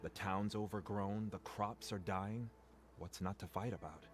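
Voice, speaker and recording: A man's voice: lowish voice, steady tone, a little slow, close to an everyday voice. An actor playing a wry male townsman in a video game, dryly passing on local news and warnings. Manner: dry, wry, conversational.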